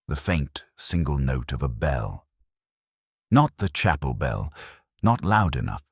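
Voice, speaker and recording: A man narrating a mystery audiobook in a measured, atmospheric storytelling manner. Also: extremely low pitch, breathy edge, no echo, clean studio sound.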